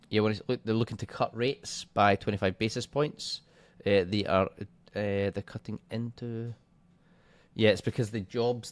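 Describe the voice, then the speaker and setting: A man coaching forex trading in a casual screen-share walkthrough, thinking aloud and swearing offhandedly. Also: lowish voice.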